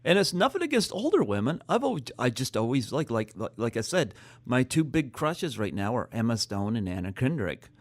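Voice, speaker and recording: A man with a Canadian accent hosting a casual interview, talking in a halting, stop-start way with many fillers. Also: mid-range voice, very animated. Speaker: podcast host.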